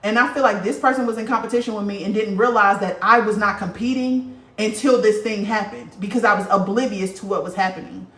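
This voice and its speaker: A woman hosting a casual spiritual livestream and reading viewer comments aloud, talking bluntly with lots of swearing. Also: medium pitch. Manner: blunt, profane, animated talker. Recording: roomy, distant from the mic.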